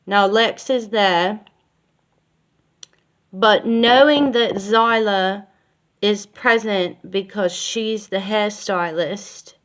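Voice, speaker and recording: A woman recounts a personal story in a loose, rambling way, full of "like" and "you know". She talks slowly, at an ordinary middle pitch, and her tone is candid and frank. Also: fairly even intonation, fairly bright tone. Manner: rambling, with many fillers; candid and frank, with casual swearing. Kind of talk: casual personal storytelling to camera.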